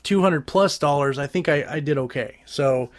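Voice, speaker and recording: Guy with a pretty high voice, swearing a lot while he rambles through a review. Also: normal speed. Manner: profane, animated, rambling with restarts. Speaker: podcast host reviewing gadgets and movies. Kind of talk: casual crude review chat.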